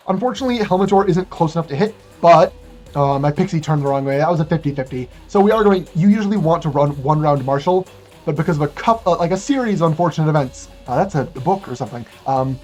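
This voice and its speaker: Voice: medium pitch, darkish tone. Jokey rambling speedrun commentator.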